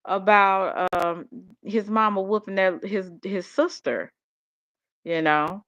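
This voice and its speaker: An older woman, talking in a rambling, animated monologue. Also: lowish voice, takes it slowly. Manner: rambling, animated storytelling with vernacular speech. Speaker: vlogger. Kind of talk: casual monologue. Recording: dull lo-fi audio.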